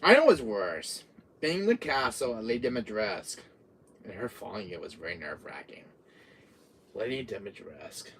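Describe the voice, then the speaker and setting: A man hosting a gaming channel, chatting casually about horror games, who swears freely and acts out scenes in little voices and hushed whispers. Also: on the low side, sing-song, moderate pace, distant mic, a little hiss or hum.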